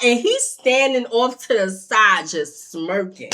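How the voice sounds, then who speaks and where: Bright-voiced woman telling a storytime vlog. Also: animated, measured pace, few pauses. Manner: acts out quotes, swings from low mutters to loud outbursts; laughs while telling, addresses viewers directly. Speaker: storyteller vlogger.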